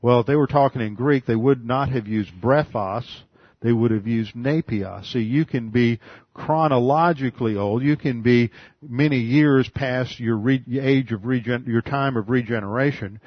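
A man's voice: mid-range voice, moderate pace, dry recording. A man giving a methodical expository Bible lesson, spelling out Greek words and repeating his key points. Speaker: Bible teacher. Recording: dull lo-fi dry recording.

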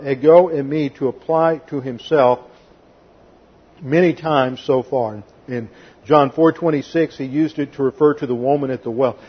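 A man's voice: medium pitch, husky. A man preaching an expository sermon, methodical and emphatic, counting off numbered points to his congregation. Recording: dull lo-fi sermon recording.

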